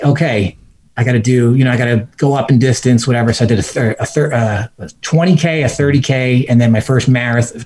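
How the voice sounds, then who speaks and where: A man's voice: medium pitch, breathy edge. Podcast guest, male, loose chatty storyteller who keeps slipping into quoted voices and laughter. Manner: animated, laughs mid-story, acts out his own quotes. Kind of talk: casual storytelling.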